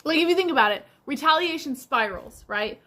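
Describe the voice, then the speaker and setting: A woman's voice: high-pitched, expressive, brisk, bright, forceful tone. A woman hosting a livestream in casual chat, rambling along with lots of fillers like "like". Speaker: livestream host.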